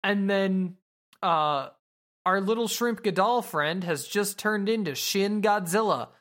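A woman's voice: medium pitch, slow pace, a bit bright. A woman podcast host casually recapping an anime episode, rambling and swearing with lots of fillers.

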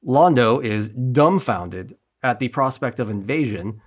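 A man's voice: mid-range voice, lively intonation, unhurried. A man co-hosting a podcast, recapping an episode in a casual, wry and sarcastic way, swearing now and then. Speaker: podcast co-host.

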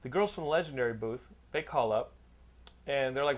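A man's voice: medium pitch, a little fast. A middle-aged man hosting a podcast, telling a long profane anecdote in casual chat. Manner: profane, rambling anecdote teller. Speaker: podcast host.

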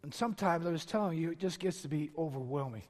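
Impassioned high-voiced pastor preaching. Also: male voice, fast, darkish tone. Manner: impassioned preaching with emphatic repetition. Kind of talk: sermon. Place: large church sanctuary. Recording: long reverb of a large hall.

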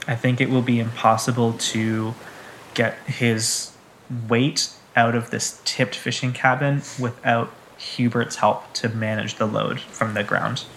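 A man narrating a tabletop game as game master, in measured, descriptive narration. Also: mid-range voice, flat delivery, fairly bright tone, a little hiss or hum, low-quality recording.

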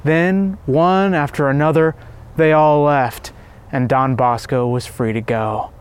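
A man giving measured, reverent scripted narration of a devotional story. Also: on the high side, fairly even intonation, smooth.

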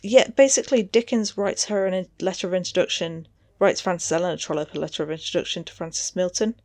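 Low-voiced, measured woman co-host. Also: fairly even intonation, a little mellow, no echo. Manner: measured and precise. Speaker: podcast co-host. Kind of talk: casual chat.

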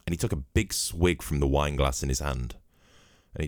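A man's voice: very deep voice, sing-song, quick pace, no echo, studio quality. A man hosting his own podcast, telling rambling, cheeky, profane stories while he drinks at his home microphone. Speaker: podcast host. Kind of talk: comedic podcast monologue.

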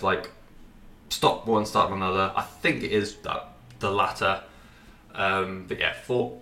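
A man's voice: fairly low pitch, bright, forceful tone, reverberant, recorded from a distance. A man casually reviewing albums, rambling and swearing with lots of fillers, a bit stuffy from a runny nose. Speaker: music reviewer. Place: cold apartment.

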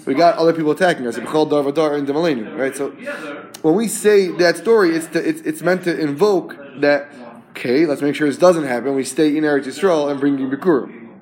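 A man leads a Talmud class, his voice sitting a little high. He explains with rhetorical questions, repeats words as he goes, and translates each Hebrew term for his students. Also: brisk, a little mellow. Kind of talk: lively Talmud class teaching.

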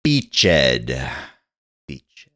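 A man's voice: very deep voice, huge pitch swings, drawn-out words, pushed and bright. A man co-hosting a podcast in casual chat, playful and improvising jokes. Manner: playful, improvises jokey bits. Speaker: podcast co-host.

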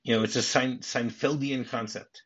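A man's voice: medium pitch, fairly even intonation, normal speed, slightly rough, muffled recording. A man hosting a podcast, casually retelling movie scenes with many restarts and acted-out lines. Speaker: podcast host.

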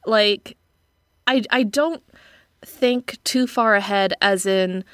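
A woman's voice: mid-range voice, slow, fairly bright tone, no room sound, studio quality. A woman voice actor chatting candidly and self-deprecatingly about auditions. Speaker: voice actor guest. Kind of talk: casual chat.

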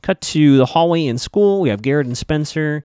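Man, podcast host, casual episode recap, lively pitch, dry recording. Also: normal speed, clean tone, no echo. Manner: chatty, wry asides, many fillers.

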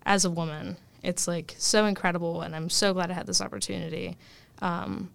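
Young adult woman, casual interviewee, smooth yet gravelly tone, lots of fillers and laughter. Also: on the low side, fairly quick, no echo. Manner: chatty, many fillers and laughs, animated. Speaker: student guest.

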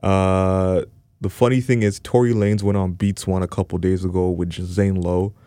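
A man from Canada co-hosting a podcast, chatting casually and joking, with quick restarts and fillers. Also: deep voice, flat delivery, mellow, clean tone, no room sound. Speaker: podcast co-host. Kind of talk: casual chat.

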